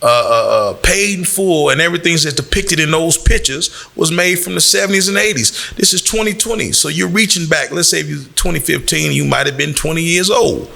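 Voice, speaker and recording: A gravelly man from Chicago giving a blunt lecture to the youth. His voice is bright and a little tense, and it rises when he hammers a point home. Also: fairly high pitch, brisk, hardly any pauses. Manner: blunt, lecturing, rising on emphasis. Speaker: community speaker. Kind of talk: preaching to young people.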